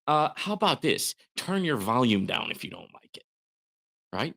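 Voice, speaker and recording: A man hosting a live question-and-answer chat, animated and prone to sudden hollering, tagging his points with "right?". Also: mid-range voice, unhurried, creaky, breathy edge. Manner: animated, hollering bursts, calls viewers bro; frequent "right?" tags. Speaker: host.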